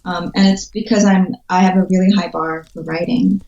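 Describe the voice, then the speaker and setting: A woman in her thirties, a children's book illustrator, chatting as a guest and acting out quoted lines with lively laughter. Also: a little fast, gravelly, reverberant, highs cut off. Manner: animated storytelling, acts out quotes with big pitch jumps and laughter. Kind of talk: casual interview chat.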